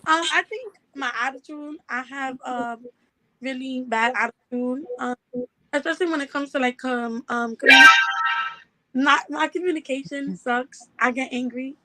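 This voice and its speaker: A young woman answering podcast questions hesitantly, with many pauses and ums. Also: high-pitched, pushed and bright, faint music behind, rough recording. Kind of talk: casual podcast talk.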